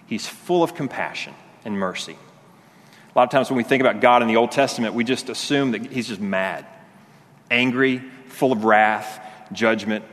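A man preaching a sermon, telling the story in an animated, conversational way and acting out the voices. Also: mid-range voice, normal speed. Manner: conversational with frequent restarts. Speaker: pastor. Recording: long hall reverb.

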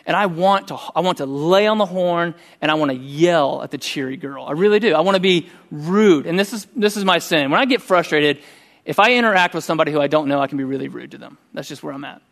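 A middle-aged man preaching a sermon, telling a personal story in a conversational, animated way. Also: on the high side, fast, creaky. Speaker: pastor.

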